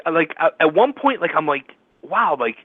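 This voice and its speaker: A male radio host telling a story in casual chat, excitable and laughing often as he acts out what others said. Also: on the high side, a little fast, no room sound. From Philadelphia area. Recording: tinny phone-line audio.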